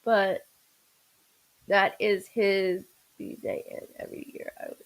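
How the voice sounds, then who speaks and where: A woman's voice: mid-range voice, flat delivery, slow, low-quality recording. A woman doing a live-streamed psychic reading as a medium, rambling with stammered restarts and greeting viewers by name.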